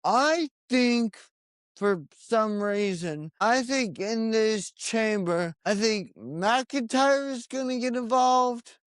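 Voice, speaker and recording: A man co-hosting a casual podcast, talking haltingly with lots of pauses and restarts. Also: very high-pitched, smooth, no room sound, studio quality. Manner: hesitant, many fillers and restarts. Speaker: podcast co-host. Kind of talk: casual chat about wrestling predictions.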